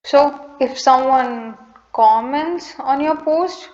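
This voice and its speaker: Indian woman teaching pronunciation slowly. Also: a little high, highs cut off. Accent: Indian English. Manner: patient, repeats each word slowly, mixes in Hindi. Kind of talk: casual lesson to camera.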